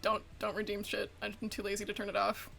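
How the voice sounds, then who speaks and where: A woman's voice: mid-range voice, monotone, a little fast, vocal fry, a bit bright, faint music behind. A woman streaming a game and chatting casually with her viewers, swearing freely and laughing often. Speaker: VTuber streamer. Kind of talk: casual livestream chat while gaming.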